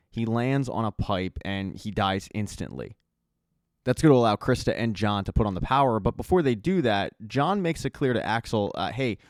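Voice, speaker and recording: A man's voice: lowish voice, no room sound, studio quality. A man narrating a casual, chatty recap of a TV season's plot. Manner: conversational, chatty storytelling. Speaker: TV recap YouTuber.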